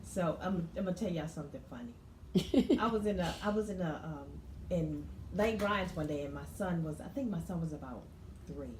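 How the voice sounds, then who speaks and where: Co-hosting a casual podcast, a woman with a lowish, somewhat dark voice tells stories at a moderate pace. She laughs often and repeats her words once she gets going. The room sounds echoey, with faint background noise.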